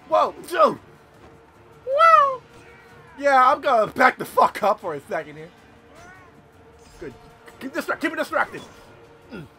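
Excitable gaming commentator, male, high and bright, swearing freely. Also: gravelly. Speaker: gaming youtuber. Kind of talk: let's play commentary.

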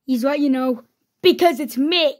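A woman's voice: sits high, normal speed, natural voice. A woman doing a taunting hedgehog villain. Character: scheming male hedgehog villain. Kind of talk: homemade toy-figure play voicing.

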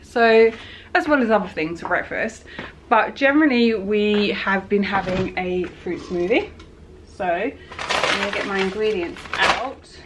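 A woman's voice: medium pitch, a little slow. A woman chatting casually in her home kitchen, filming a homely, rambling vlog. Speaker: vlogger. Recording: echoey kitchen, clear background noise.

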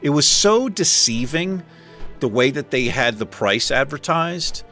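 A man's voice: fairly high pitch, lively intonation, a little slow, pushed and bright, faint music behind. A man casually commenting on his gameplay as host, swearing freely and joking sarcastically. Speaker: gaming host. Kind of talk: let's play commentary.

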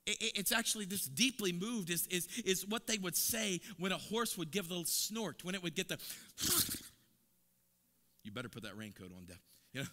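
A man preaching an impassioned sermon as an evangelist, repeating words and building to loud, emphatic peaks. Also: high-pitched, animated, fast talker. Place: church sanctuary. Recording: long church reverb.

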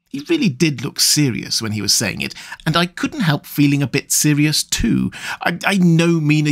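A man's voice: on the high side, a bit bright. A man reading as a sweet, emotional young woman, confiding in a letter for an audiobook. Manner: gushing, confiding.

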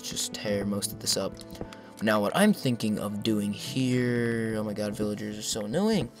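A young man giving casual, self-mocking commentary over his own gameplay, chatting to viewers and breaking into excited outbursts at the game. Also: lowish voice, normal speed. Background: background music.

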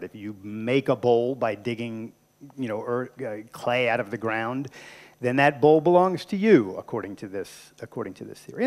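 A man giving a public lecture in a conversational, emphatic way, often asking his listeners rhetorical questions. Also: mid-range voice. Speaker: guest lecturer. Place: university lecture room.

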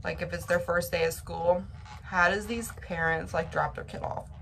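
A woman's voice: fairly low pitch, fairly even intonation, normal speed, gravelly, fairly bright tone, slight background noise. A young woman chatting casually to her vlog audience, rambling and emotional with lots of fillers and restarts. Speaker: vlogger.

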